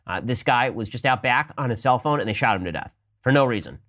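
A male podcast host in the middle of his range, talking politics at a rapid clip. His delivery is argumentative and pointed, with the pitch climbing whenever he presses a point. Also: animated, fairly bright tone. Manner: rapid-fire, argumentative, rising emphatic pitch when making a point. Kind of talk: fast political commentary.

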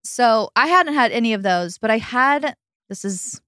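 A woman's voice: on the high side, lively intonation, normal speed, a bit bright, no room sound, studio quality. A young adult woman hosting a podcast, telling a personal story in casual chat, chatty and full of fillers, laughing often.

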